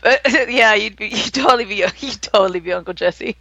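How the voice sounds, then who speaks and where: A woman's voice: medium pitch, normal speed, creaky, a bit bright, dry recording, dull audio. A woman with a Texan accent co-hosting a casual live show, laughing a lot as she talks. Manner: giggly, laughs often. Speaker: co-host. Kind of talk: casual livestream chat.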